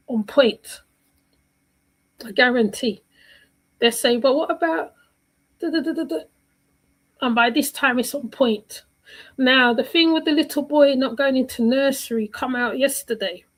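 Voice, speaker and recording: A woman's voice: fairly high pitch, a bit bright, rough recording. A woman giving casual reaction commentary on a livestream, rambling and repeating herself while she searches for words.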